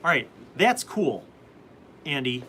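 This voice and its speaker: Chatty guy hosting a live stream, bright voice, bit of hiss behind him. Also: medium pitch, very animated, slow pace, poor audio. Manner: rambling, chatty, reads out viewer comments. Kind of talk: casual live-stream chat answering comments.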